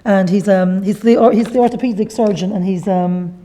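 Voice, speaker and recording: A middle-aged Irish woman with a Galway accent speaks at a workshop, giving a chatty, earnest personal testimony sprinkled with devout asides. Her voice is mid-range and warm, and her pace is brisk.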